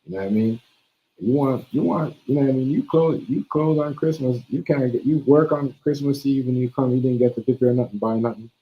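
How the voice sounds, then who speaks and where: A man chats casually on a stream in a brisk, mid-range voice, with narrow, tinny audio. He talks emphatically and keeps checking the listener follows, repeatedly asking "you see what I'm saying".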